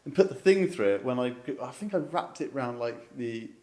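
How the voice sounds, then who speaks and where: A man's voice: mid-range voice, lively intonation, normal speed, darkish tone. A young man, co-hosting a podcast and telling a story casually, swearing freely and rambling with many fillers. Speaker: podcast co-host.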